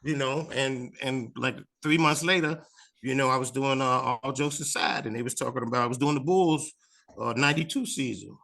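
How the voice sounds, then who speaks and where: A comedian with a Chicago accent tells a story in an animated, lively way and keeps jumping into the voices of the people in it. His voice is gravelly, with a bright, forceful edge. He sounds like a man in his fifties, talking loosely in a sit-down interview. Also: medium pitch, moderate pace.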